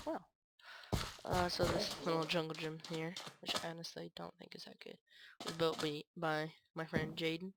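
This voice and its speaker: A woman's voice: sits low, noisy background. A woman giving casual game commentary, telling a rambling, aggrieved story full of fillers. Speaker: gaming channel creator.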